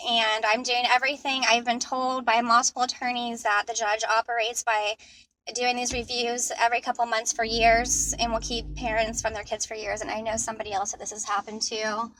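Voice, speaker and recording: A woman's voice: fairly high pitch, little pitch movement, normal speed, pushed and bright, slight background noise, low-quality recording. Upset woman rambling from her car. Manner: upset, rambling, restarts often. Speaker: mother in a custody dispute. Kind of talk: personal vlog while driving.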